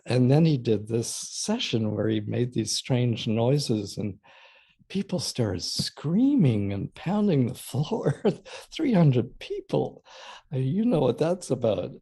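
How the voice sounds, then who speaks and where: A man's voice: mid-range voice, creaky, mellow, husky. An older man, a guest in an interview, telling stories about his past and laughing often as he talks. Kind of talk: storytelling conversation.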